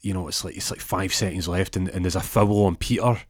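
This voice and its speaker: A man's voice: deep voice, fairly even intonation, a little fast, no room sound, studio quality. A man telling a comic story in a casual, rambling way with lots of restarts.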